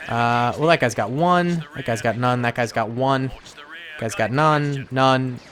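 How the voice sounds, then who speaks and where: A man giving casual, excitable commentary on a battle simulation game, gleeful with frequent exclamations. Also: medium pitch, a little slow. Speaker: gameplay commentator.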